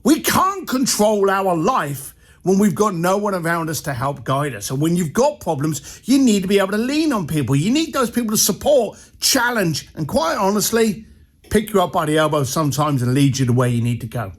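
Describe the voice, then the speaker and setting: A man's voice: high-pitched, big pitch swings, normal speed. A man, an entrepreneur coach, telling a blunt and punchy motivational story. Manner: blunt, punchy, acts out dialogue.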